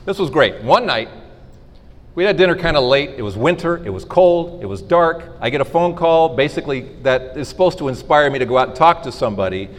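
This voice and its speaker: A middle-aged man giving an inspirational faith talk to a live audience, telling stories and acting out the dialogue in them. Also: medium pitch. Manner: storytelling, animated, acts out dialogue. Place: school hall. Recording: reverberant hall.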